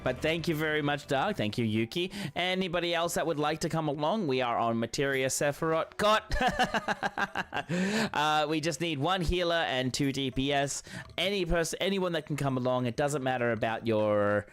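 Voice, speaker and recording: A man's voice: on the high side, lively intonation, normal speed, fairly bright tone, clear, resonant tone, faint music behind. A man streaming a game live, chatting casually in a friendly, encouraging way with lots of ums and restarts. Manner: friendly, encouraging, rambling with many fillers. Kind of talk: casual live-stream chat while playing.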